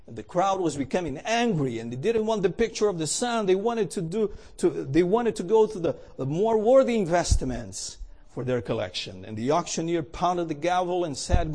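A man's voice: high-pitched, animated, moderate pace, darkish tone. A man telling a story in a sermon, with a dramatic and emphatic delivery. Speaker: preacher.

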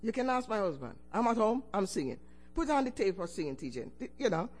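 Brisk and animated, an older woman recounts her personal testimony to her church, swinging suddenly in pitch and loudness and chuckling between her phrases.

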